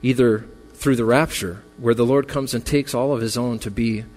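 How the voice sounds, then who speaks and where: Consoling pastor in a reverberant church. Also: male voice, medium pitch, steady tone, moderate pace, darkish tone. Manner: earnest, consoling, builds in intensity. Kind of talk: memorial sermon. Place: church sanctuary. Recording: long reverb with faint music.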